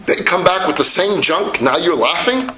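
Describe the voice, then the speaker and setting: A naive young son, earnest and pleading, eager to please his father, as a storyteller voices him. The voice sounds bright and ringing. It echoes in a roomy hall over faint noise. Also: high-pitched, animated, moderate pace. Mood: indignant.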